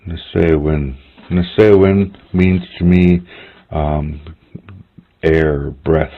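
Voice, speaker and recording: A man leads a relaxed spoken language lesson, slowly sounding out words one syllable at a time. His voice is deep and a little husky, with casual "eh?" asides. The audio is narrow and phone-like. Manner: slow, patient, repeats words syllable by syllable; chatty asides ending in "eh?". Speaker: language teacher.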